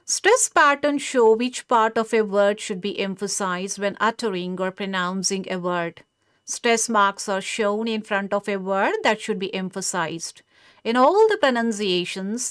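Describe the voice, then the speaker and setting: A woman delivers a scripted pronunciation lecture in a measured, explanatory way. Her voice is smooth and crisp, recorded close with a dry sound and no room echo. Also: medium pitch, a bit bright.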